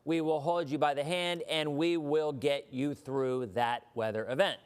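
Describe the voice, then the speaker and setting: A man's voice: fairly high pitch, fairly even intonation, a little slow, clean tone. A man hosting a weather livestream, chatting casually in a rambling way with mock-indignant asides.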